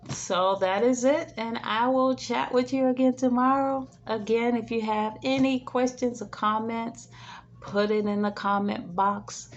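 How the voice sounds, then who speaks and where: A woman caregiver giving casual advice, chatty, tagging her sentences with "right?" and "okay?", sometimes dropping to a soothing hush. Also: on the high side, measured pace, dull audio. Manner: soothing, drops to a hush when modeling calm words. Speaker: in-home caregiver. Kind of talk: casual advice talk to camera.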